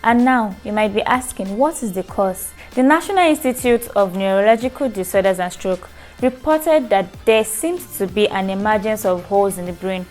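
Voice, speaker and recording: A woman's voice: medium pitch, moderate pace, few pauses, darkish tone, faint music behind. A young woman hosting her own vlog in a chatty, playful way, teasing her viewers. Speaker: show host. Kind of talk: casual vlog talk.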